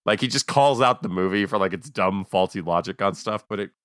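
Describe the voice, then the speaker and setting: Low-voiced man telling a story animatedly. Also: fairly quick, no echo. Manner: animated storyteller, dry sarcastic asides. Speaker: podcast co-host. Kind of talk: casual chat.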